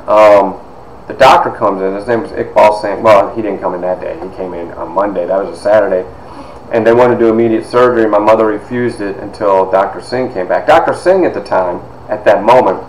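In an echoey room with faint noise, a man from Toledo, Ohio, an author and speaker, gives a personal storytelling talk. His voice is lowish, and his delivery is lively and conversational, full of side remarks.

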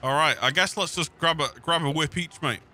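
A man's voice: on the high side, a little fast, sharp tone, slight background noise. A young man joking and swearing through a co-op game, calling everyone mate. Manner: jokey, swears a lot, calls everyone mate. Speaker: gaming channel host. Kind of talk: casual gaming banter.

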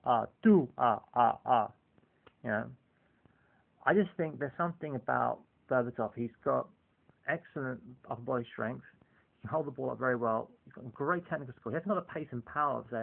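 A football fan vlogger with a creaky mid-range voice talks casually about football in a rambling monologue, filling his sentences with "you know." The audio is tinny and lo-fi, like a phone.

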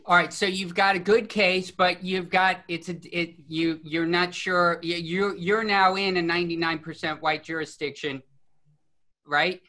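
A man moderating a panel discussion as host, halting and restarting as he frames his questions. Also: high-pitched, fairly even intonation, sharp tone.

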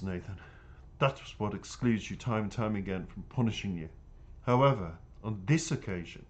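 A man's voice: fairly low pitch, a little mellow, dull audio, close to an everyday voice. A man voicing a stern older woman who runs a boys' home, scolding in a storybook reading.

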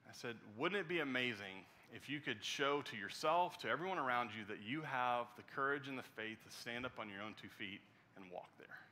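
A man preaching a sermon as pastor, telling a personal story earnestly and dropping to a soft hush at the tender parts. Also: mid-range voice, expressive, fairly quick.

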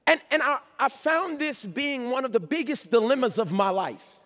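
A male pastor preaching at a conference, emphatic, shouting out scripture and slowing down for key points. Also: extremely high pitch, animated. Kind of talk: conference sermon.

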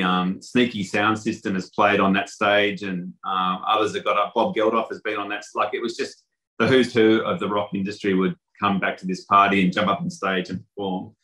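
Aussie guy, lowish pitch, bright tone, casual story with lots of ums. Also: low-quality recording. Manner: anecdotal, lots of fillers and restarts. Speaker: hotel industry guest.

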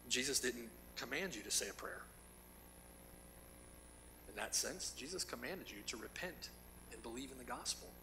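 A man's voice: medium pitch, animated, normal speed, long pauses, sharp tone, low-quality recording. A man preaching a sermon as pastor, emphatic, with rhetorical questions and repeated lines.

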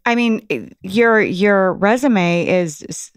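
A woman's voice: mid-range voice, slow, clear, resonant tone, dry recording, clean studio sound. A woman hosting a podcast interview, talking casually and enthusiastically with filler words. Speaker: podcast host. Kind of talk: interview conversation.

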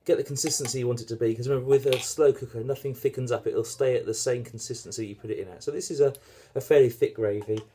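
A man's voice: mid-range voice, fairly even intonation, fast, hardly any pauses, dark tone, slight background noise. A British man hosting a casual home cooking demonstration in his kitchen, chatting and joking at his own expense. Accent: British English. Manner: chatty, joking, self-deprecating. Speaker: home cook and channel host.

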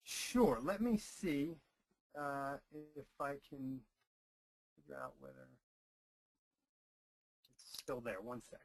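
A man's voice: medium pitch, animated, slow pace, gravelly, pauses often, poor audio. A man giving an online lecture, emphatic, repeating key phrases for stress, into a computer microphone. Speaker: webinar lecturer.

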